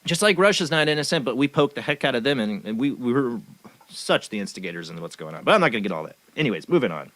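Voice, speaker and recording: A man's voice: mid-range voice, sing-song, fast talker, fairly bright tone, no room sound. A man hosting a talk show, rambling along in a cynical, sarcastic way. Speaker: show host. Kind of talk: casual talk radio commentary.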